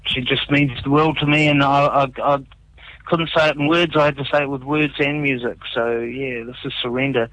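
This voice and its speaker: A man's voice: mid-range voice, little pitch movement, a little fast, fairly bright tone, no room sound, rough recording. A man with a New Zealand accent, a musician guest on a radio show, telling stories openly and earnestly with lots of fillers. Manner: open, earnest storytelling with many fillers. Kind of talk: casual radio interview.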